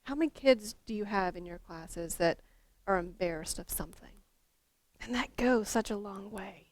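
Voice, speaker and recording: Woman, workshop leader for teachers; chatty storyteller, medium pitch, dry close sound. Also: dry recording. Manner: conversational, storytelling, many fillers and restarts. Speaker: teacher trainer, former school counselor.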